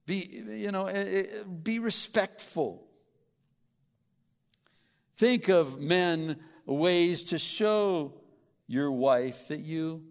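Gravelly-voiced man preaching a folksy sermon. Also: sits high. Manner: folksy, acts out little scenes in quick voices. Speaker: pastor.

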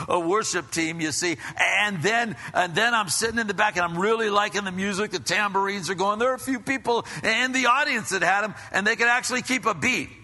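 A man preaching a sermon as pastor, telling stories in an animated way and acting out the people in them. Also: high voice, long reverb tail. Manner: animated storytelling, acts out voices.

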